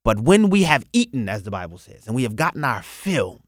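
A man's voice: mid-range voice, big pitch swings, fairly quick, no echo, studio quality. A man hosting a religious radio program, preaching earnestly and repeating phrases for emphasis.

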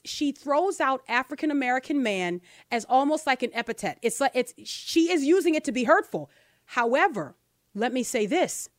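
Hosting a talk show, a high-voiced woman gives forceful opinions, peppering them with rhetorical "right?" questions. The recording is dry and clean, with studio quality.

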